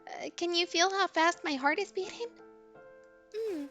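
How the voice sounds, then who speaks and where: Woman doing a breathy teasing teen girl, high and whispered. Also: faint music behind. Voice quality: breathy, hushed. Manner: slow, teasing, coaxing. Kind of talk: whispered role-play.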